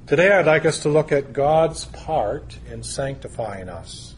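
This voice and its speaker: A man preaching a sermon, speaking deliberately and building emphasis through long lists. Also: a little high, lively intonation, a little hiss or hum.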